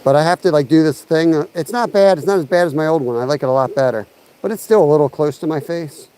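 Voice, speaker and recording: Speaking fast in a slightly high, dark, smooth voice, a man livestreams himself fishing beside a lake and creek. He rambles and chats casually with his audience, picked up by a chest-mounted camera mic in a low-quality recording.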